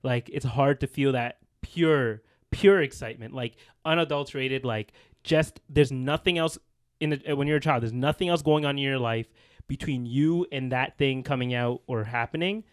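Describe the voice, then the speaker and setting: A laid-back man co-hosting a podcast, chatting in a relaxed, rambling way with easy laughter. His voice sits at an ordinary middle pitch. The sound is close and dry, with no room echo. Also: moderate pace. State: feeling hot. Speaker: podcast co-host. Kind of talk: casual chat. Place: small room with lights and camera.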